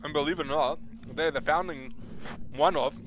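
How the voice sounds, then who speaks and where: A man's voice: on the high side, normal speed, a bit bright, slight background noise. A man from New Zealand streaming a game, chatting with his viewers in a rambling, slangy way, swearing freely and calling them bro. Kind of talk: casual game stream chat.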